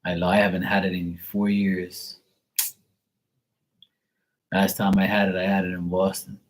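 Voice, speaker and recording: A man's voice: low voice, monotone, measured pace, poor audio. A man hosting a casual livestream tarot reading, joking and swearing as he reads the chat aloud. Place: Bermuda.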